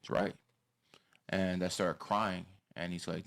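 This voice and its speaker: A man's voice: deep voice, level tone, slow, vocal fry, a bit bright. A man hosting a podcast, giving blunt and profane advice in a lecturing tone. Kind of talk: casual podcast talk.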